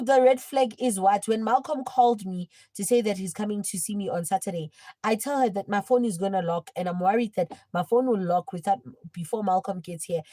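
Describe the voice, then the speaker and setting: A young woman livestreaming, telling a personal story in casual chat and swinging between hushed and loud. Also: mid-range voice, dry recording, low-quality recording.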